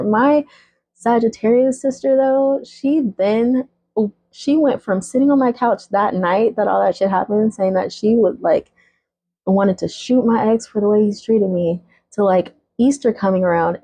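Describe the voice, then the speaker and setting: A woman's voice: medium pitch, creaky, warm tone, husky, poor audio. A woman in her thirties telling viewers a personal story time in a blunt, casual way, swearing freely as she talks to them directly.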